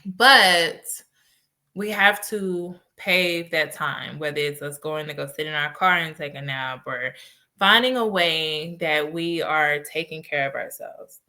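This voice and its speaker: Casting: woman host, lowish pitch but bright tone, chatty storyteller. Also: takes it slowly. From United States. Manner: animated storytelling with laughs. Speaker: podcast host and life coach. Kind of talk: casual solo podcast talk.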